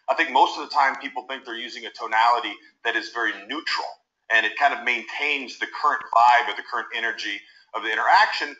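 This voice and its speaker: A man teaching about tone of voice, animated and acting out example tones as he explains. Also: medium pitch, reverberant, highs cut off. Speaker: communication coach. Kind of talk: instructional talk to camera.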